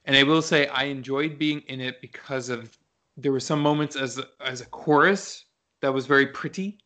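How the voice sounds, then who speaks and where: A young man co-hosting a podcast in casual chat, excitable and chatty, often trailing off mid-sentence. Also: mid-range voice, normal speed. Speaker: podcast co-host.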